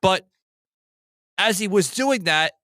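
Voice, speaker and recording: A man hosting a casual podcast, telling a story in a profane and animated way. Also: sits high, takes it slowly, no room sound. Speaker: host.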